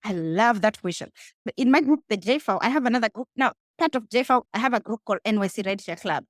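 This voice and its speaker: Animated Kenyan woman, high lively voice. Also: quick pace, no room sound, clean studio sound. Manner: animated and emphatic, addressing the listener directly. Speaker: guest, rideshare entrepreneur. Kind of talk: casual interview conversation.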